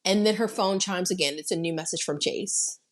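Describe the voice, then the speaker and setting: A woman co-hosting a podcast, recapping a horror film in animated casual chat and swearing freely. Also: on the low side, brisk. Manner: animated storytelling, heavy swearing, acting out quotes. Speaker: podcast co-host.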